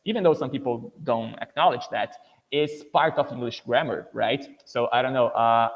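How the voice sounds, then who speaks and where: A man's voice: mid-range voice, in a large hall, low-quality recording. Brazilian man lecturing, lots of "you know". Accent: Brazilian Portuguese. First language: Portuguese. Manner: chatty, many fillers like "you know" and "uh". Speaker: English teacher. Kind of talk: webinar lecture.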